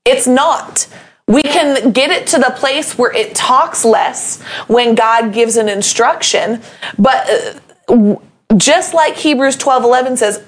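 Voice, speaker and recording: Earnest woman co-host with a slightly high voice, teaching in a faith chat. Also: slow. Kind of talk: casual faith discussion.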